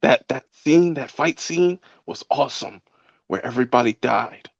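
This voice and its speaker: A man's voice: medium pitch, animated, normal speed, husky, no room sound, lo-fi sound. A man chatting casually as a co-host, teasing and joking with swearing. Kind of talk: casual chat.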